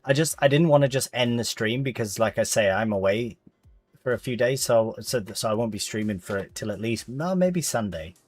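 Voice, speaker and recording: A man plays a farming game on a livestream, chatting easily with his audience, reading their messages aloud, and dropping British slang. He has a medium-pitched voice with lively intonation and a slightly quick pace, recorded dry over soft background music.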